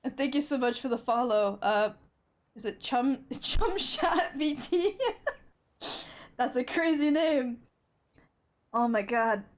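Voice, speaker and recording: A woman's voice: high-pitched, expressive, slow, long pauses. A young adult woman streaming a video game, crying, laughing and swearing as she talks. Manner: swearing, laughing while teary. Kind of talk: live game-stream commentary. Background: game music.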